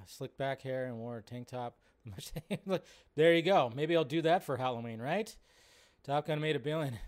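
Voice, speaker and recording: With a smooth, fairly high-pitched voice, a man hosts a live movie-news show, chatting in a laid-back, rambling manner full of fillers.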